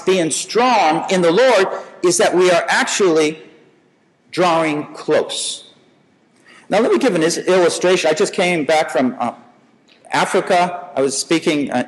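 A man's voice: high-pitched, long reverb tail, rough recording. A man preaching a sermon in a conversational way, telling stories and asking rhetorical questions.

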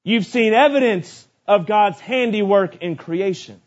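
A man preaching a sermon, dynamic, building to shouts on lists and dropping low for asides. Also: measured pace. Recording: dull lo-fi sermon recording.

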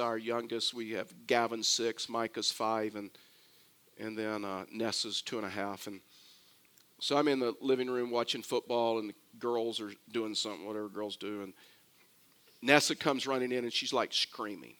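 An older man preaching a sermon, mixing scripture with a lively family story and conversational asides. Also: medium pitch, moderate pace, smooth. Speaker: pastor.

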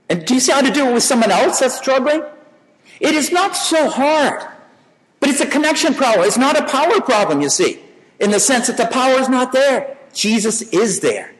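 A man's voice: high-pitched, big pitch swings, fairly quick. A man preaching a sermon in a conversational way, often restarting and repeating words. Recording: reverberant hall.

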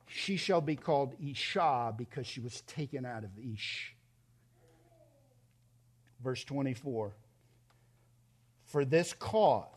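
Animated male preacher. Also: high-pitched. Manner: expressive preaching, voice rising and dropping. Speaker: pastor. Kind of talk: sermon.

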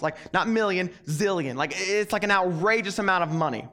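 A young adult man giving a casual, animated sermon, telling the story in a lively way and acting out its characters. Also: sits high, quick pace. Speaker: preacher.

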